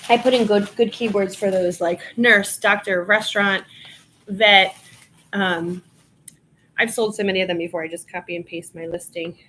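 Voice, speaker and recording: A middle-aged woman from Long Island hosts a casual live stream, talking with viewers as she works. Her voice sits at a middle pitch, and she laughs easily. A faint hiss runs underneath. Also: steady tone, normal speed, bright, forceful tone. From Long Island, New York. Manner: chatty, laughs often, talks to viewers, reads out item details. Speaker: reseller livestream host. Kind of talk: casual livestream chat while processing inventory.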